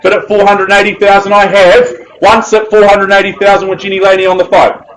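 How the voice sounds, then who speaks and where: A man's voice: high voice, level tone, a little fast, rough recording. A man with a New Zealand accent calling a live property auction with jovial, persuasive patter.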